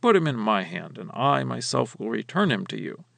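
A man's voice: mid-range voice, sing-song, moderate pace, vocal fry, fairly bright tone, no echo, heavily acted. A man voicing a reproachful eldest brother while reading scripture aloud.

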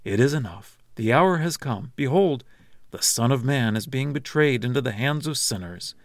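A man reading the lines of Jesus as a calm, grave teacher in a measured, solemn scripture reading. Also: medium pitch, no room sound, studio quality, lightly acted.

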